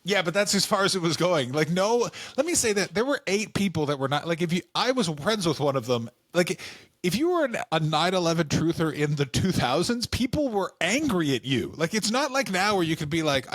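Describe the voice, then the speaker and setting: A man from Canada co-hosting a comedy podcast, telling stories in animated, quick asides. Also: high-pitched. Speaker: podcast co-host. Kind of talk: casual comedic chat.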